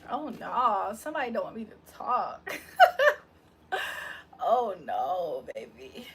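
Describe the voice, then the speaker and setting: A woman's voice: mid-range voice, big pitch swings, takes it slowly, slight background noise. A young woman hosting a casual livestream, chatting loosely with her viewers, joking and laughing often. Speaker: livestream host reading chat.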